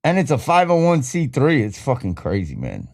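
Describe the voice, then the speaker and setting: A man's voice: mid-range voice, moderate pace, vocal fry. A man hosting a podcast, ranting casually and swearing a lot while he thinks aloud and clicks through things. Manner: profane, animated, thinking aloud while browsing. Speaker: podcast host.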